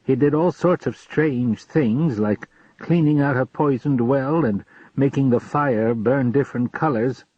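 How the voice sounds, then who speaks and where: A man's voice: medium pitch, a little slow, a little mellow, husky, no echo. A man voicing a friendly, talkative old farmer who speaks in an earnest, rambling way. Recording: dull lo-fi recording.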